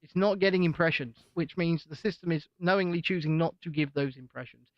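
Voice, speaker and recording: A man's voice: on the high side, fairly quick, no room sound, highs cut off. A man co-hosting an irreverent show in casual chat, blunt and opinionated, swearing freely. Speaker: co-host.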